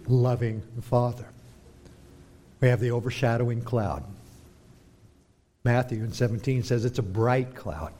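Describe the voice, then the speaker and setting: A man preaching a sermon, dramatic, moving between hushed, slow emphasis and forceful rises. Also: mid-range voice.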